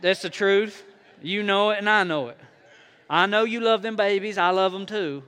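A male pastor with a high, bright, clear voice delivers a sermon to his church. He talks in a loose, folksy way, jokes with the congregation, then surges loud or falls quiet. His tone is crisp and ringing. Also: fairly even intonation, moderate pace. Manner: conversational preaching with sudden rises and quiet drops; folksy, playful asides to the congregation.

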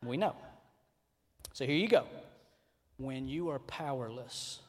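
A pastor with a Southern US accent preaching a sermon in a church. He swings from fiery shouting to quiet, joking asides. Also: mid-range voice, expressive, slow pace. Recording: echoey large hall.

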